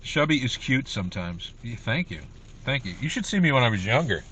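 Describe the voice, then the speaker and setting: A man's voice: mid-range voice, very animated, fairly quick, sharp tone, husky. A man hosting a comedy livestream, chatting in a rambling way to viewers about his school days. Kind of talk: casual livestream chat.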